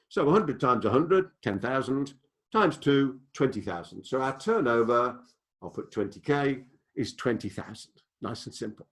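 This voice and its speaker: A man's voice: medium pitch, normal speed. An older man giving a business lecture to an audience, telling stories and acting out the dialogue in them. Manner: storytelling, animated, acts out quoted dialogue. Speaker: business speaker.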